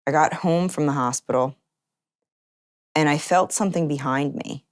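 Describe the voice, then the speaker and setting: A woman's voice: low-pitched, moderate pace, no echo, studio quality. A woman telling her personal story in an interview, earnest and acting out remembered conversations. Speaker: interview guest.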